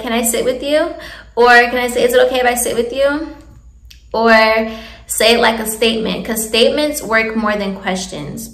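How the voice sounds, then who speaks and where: A woman's voice: mid-range voice, gravelly, a bit bright, roomy sound. A young woman in a casual, candid advice chat, chatty and laughing often. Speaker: vlogger giving advice.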